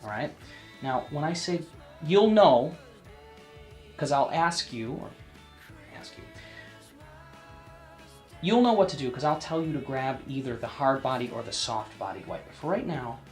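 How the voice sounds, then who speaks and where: A man giving a casual painting lesson, chatting to the viewer and often checking in, sometimes dropping to a soft near-whisper as he works. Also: medium pitch, very animated, unhurried, long pauses, soft background music. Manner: drops to a soft near-whisper while working. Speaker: painting instructor.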